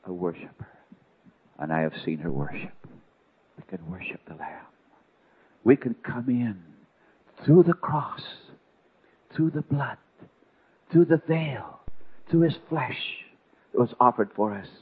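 Male preacher, mid-pitched, dramatic storytelling sermon, thin lo-fi recording. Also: animated, measured pace, pauses often, slight background noise. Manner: dramatic, swings from hushed to loud. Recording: tinny phone-like sound.

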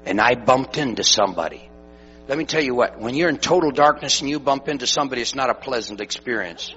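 A man preaching a sermon, moving from loud exhortation to hushed, quiet storytelling. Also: mid-range voice, animated, fast talker. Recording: dull lo-fi recording with faint music and mains hum.

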